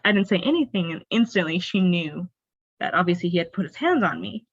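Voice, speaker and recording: Candid and expressive, this young woman guest tells a podcast about her life, scattering "like" throughout. She speaks fairly quickly in a lowish voice with a breathy edge, over a dull, dry, lo-fi recording.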